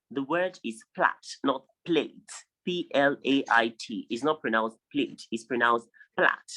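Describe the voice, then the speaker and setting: A man's voice: mid-range voice, sharp tone, poor audio. A man teaching an online class, reading out word lists and stressing and repeating each pronunciation. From Nigeria. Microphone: video call.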